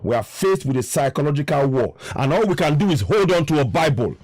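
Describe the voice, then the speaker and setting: A man's voice: a little high, big pitch swings, fairly quick, darkish tone, no echo. A Nigerian man with a Yoruba-tinged accent, giving a frustrated, impassioned political monologue and repeating himself for emphasis. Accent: Nigerian English, Yoruba. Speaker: online commentator.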